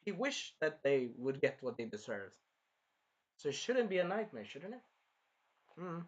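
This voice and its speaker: A man hosting a casual anime episode review, rambling and sidetracking, often apologizing and clearing his throat. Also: a little high, very animated, a little slow, lo-fi sound. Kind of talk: casual chat recapping an episode.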